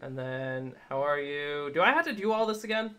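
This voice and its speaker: A man's voice: fairly high pitch, expressive, normal speed, pushed and bright, soft background music. A man streaming a game live, chatting casually with viewers and cooing at his dog in baby talk. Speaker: livestreamer.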